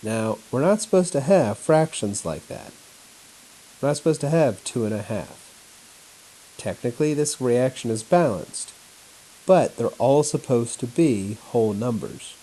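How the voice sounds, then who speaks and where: A male teacher walking through a chemistry lesson at home on his laptop, in a flat, announcer-like voice. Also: mid-range voice, unhurried, poor audio. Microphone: laptop mic.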